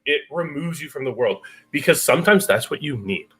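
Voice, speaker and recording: A man's voice: on the high side, lively intonation, brisk, fairly bright tone, husky. A man co-hosting a podcast, talking about films in a casual, thoughtful way. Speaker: podcast co-host. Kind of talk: casual film discussion.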